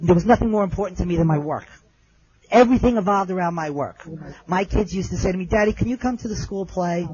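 A middle-aged man telling a personal story in an earnest way. His voice goes low and soft at the moving parts. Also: slightly rough, highs cut off.

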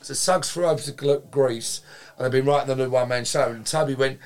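A man, a guest telling lively anecdotes in casual chat, swearing freely and acting out quotes. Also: medium pitch, fast talker. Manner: animated, swears freely, acts out quotes, laughs while telling.

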